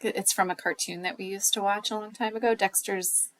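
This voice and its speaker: A woman co-hosting a library podcast in relaxed, rambling casual chat. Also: medium pitch, brisk, no echo.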